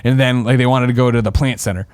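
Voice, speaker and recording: A man hosting a podcast, telling a story in animated casual chat and swearing freely. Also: medium pitch, fast talker, clean tone. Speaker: podcast host.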